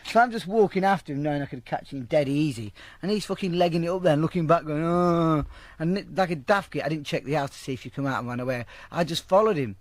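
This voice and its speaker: Fast-talking man, profane storyteller. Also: a little high, dry recording. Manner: rambling, heavily profane, acts out quoted voices. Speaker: interviewee. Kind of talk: casual spoken storytelling.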